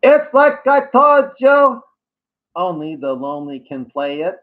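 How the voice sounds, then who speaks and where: A man's voice: very high-pitched, expressive, a little slow, pitched above the performer's own voice. A man voicing a condescending male online commenter in a put-on thick accent, lecturing and sneering. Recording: tinny phone-like audio.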